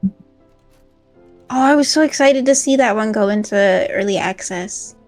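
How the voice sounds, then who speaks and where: A woman's voice: mid-range voice, measured pace, darkish tone, soft background music. A woman guest streamer in casual, easygoing chat while playing a game.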